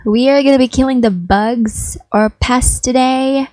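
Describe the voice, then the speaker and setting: A woman's voice: high-pitched, lively intonation, unhurried, hardly any pauses, darkish tone, dry recording, low-quality recording. A young woman narrating a life-sim game in a chatty, gossipy way, full of "like". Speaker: gaming creator. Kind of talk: casual gameplay narration.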